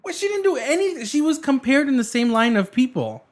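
Animated man in a heated casual debate. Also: very high-pitched, brisk. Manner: animated, profane, defensive.

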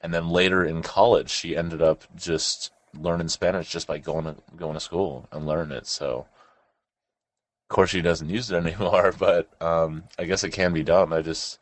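Deep-voiced rambling young man. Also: normal speed, no echo. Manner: rambling, swears casually, animated laughs. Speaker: co-host. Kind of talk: casual chat.

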